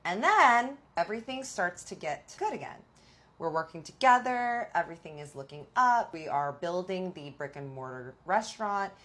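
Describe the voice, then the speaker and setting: Low-voiced woman telling a story. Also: expressive, moderate pace, fairly bright tone. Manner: chatty, confiding, addresses viewers directly. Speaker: storytime vlogger. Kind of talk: casual storytelling.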